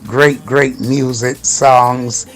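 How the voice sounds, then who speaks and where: A man hosting a casual radio show, giving shout-outs in an upbeat, loose and slangy way. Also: mid-range voice, steady tone, extremely slow. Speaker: radio host.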